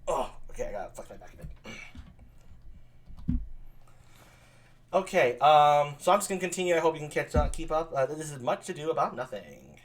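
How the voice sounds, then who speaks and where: A man's voice: on the high side, lively intonation, normal speed, long pauses. A man hosting a casual stream, reading a play aloud and chatting between lines.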